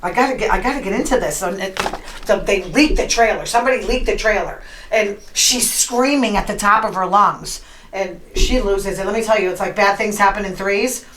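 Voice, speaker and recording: A woman hosting a podcast, chatting in an opinionated, animated way as she retells gossip and quotes people. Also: mid-range voice, brisk, reverberant, a little hiss or hum, low-quality recording. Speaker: podcast host. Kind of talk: casual gossip monologue.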